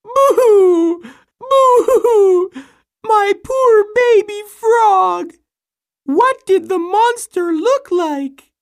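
A worried mother frog from a children's storybook, her voice pitched very high and her words stretched slow and long, as a woman acts her out. She fusses over her little ones with anxious questions. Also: animated, heavily acted. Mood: wailing. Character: anxious mother frog, fussing, grief-stricken. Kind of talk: storybook acting.

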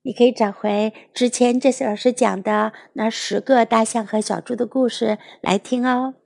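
A woman teaching children English in a bilingual lesson, gently and slowly repeating each phrase for young learners. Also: a little high, steady tone, creaky.

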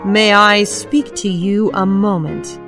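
A woman's voice: mid-range voice, steady tone, slow, fairly bright tone. A woman voicing a stern male band teacher in a storybook reading, firm and scolding. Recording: faint piano music behind.

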